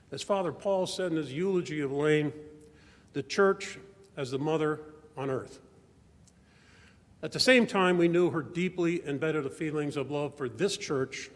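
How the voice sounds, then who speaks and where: An older man giving a personal testimony talk to his church, telling family stories in a measured, reflective way. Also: a little high. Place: large church sanctuary. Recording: long church reverb.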